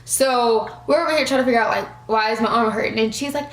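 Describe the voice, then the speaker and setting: A young woman in her twenties tells a storytime to her viewers, animated and fond of y'all. Her voice sits fairly high, and her talk rings in an echoey room. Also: fast. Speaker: vlogger.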